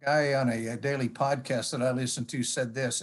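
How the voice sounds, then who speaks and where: A man's voice: medium pitch, steady tone, normal speed, few pauses. A man giving a conference presentation in a folksy storytelling manner, with jokes along the way. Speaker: conference speaker. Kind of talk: presentation talk.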